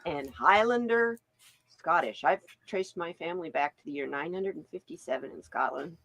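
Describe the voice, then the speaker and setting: A woman's voice: on the low side, normal speed, no room sound, rough recording. An older woman hosting a live stream, chatting casually and acting out voices in her stories. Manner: animated storyteller, acts out voices in her anecdotes. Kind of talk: casual chat.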